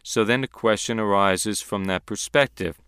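A man's voice: on the low side, normal speed, fairly bright tone, clean tone, no room sound, studio quality. A man teaching a sermon on scripture, emphatic and dramatic when acting out quoted voices. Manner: emphatic, dramatic quoting of disciples. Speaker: Bible teacher.

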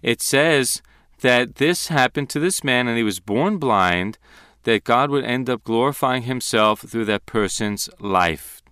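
A man's voice: mid-range voice, expressive, measured pace, pushed and bright, clear, resonant tone, dry recording, studio quality. A man teaching a sermon on scripture, emphatic and dramatic when acting out quoted voices. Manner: emphatic, dramatic quoting of disciples. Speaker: Bible teacher.

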